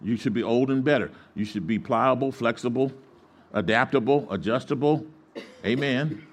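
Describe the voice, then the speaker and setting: A man's voice: mid-range voice, moderate pace. A man preaching a sermon to his congregation, calling for responses and acting out the voices in his stories. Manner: lively call-and-response preaching, acts out quoted voices. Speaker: pastor.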